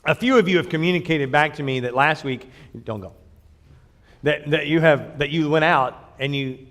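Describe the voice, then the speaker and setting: Brief: blunt male pastor, high voice, emphatic sermon delivery, long reverb of a church hall. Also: normal speed. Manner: blunt, emphatic preaching with sudden loud bursts and quiet asides.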